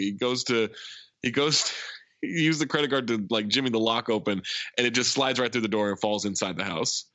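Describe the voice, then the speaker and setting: Bright-voiced man recapping a movie. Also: medium pitch, fairly quick, dry recording, lo-fi sound. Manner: chatty storyteller, acts out quotes. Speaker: podcast host.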